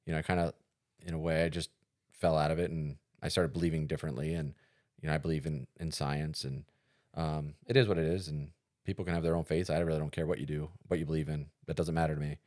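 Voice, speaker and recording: Male podcast co-host, very low voice, loose rambling delivery full of "you know" and "like". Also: flat delivery, quick pace, darkish tone. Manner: rambling, storytelling with many fillers and restarts. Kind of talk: casual podcast chat.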